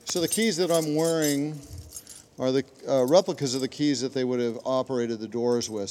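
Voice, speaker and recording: A man's voice: medium pitch, a little mellow. A man working as a park ranger, explaining things on a guided tour of a prison cellhouse. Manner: explanatory, demonstrates mechanisms as he talks. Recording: noisy live field recording.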